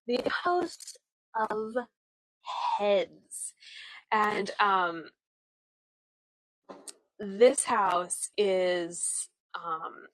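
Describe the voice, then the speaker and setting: A woman's voice: mid-range voice, a bit bright, no room sound, rough recording. A woman guiding a live virtual walking tour outdoors, talking into a phone camera in a chatty, friendly way with many fillers and restarts, often laughing at herself. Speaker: tour guide. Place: outdoors on town streets.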